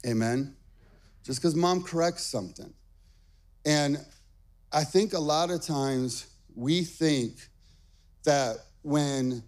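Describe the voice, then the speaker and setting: A young adult male pastor preaching a sermon from a church stage. He tells family stories in an animated way and keeps checking in with "okay?". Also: mid-range voice. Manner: animated storytelling with frequent "okay?" asides.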